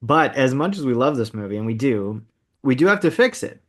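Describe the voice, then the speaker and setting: Animated man on a casual movie podcast. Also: medium pitch, a little fast. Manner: animated, emphatic, repeats words when starting sentences. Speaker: podcast co-host.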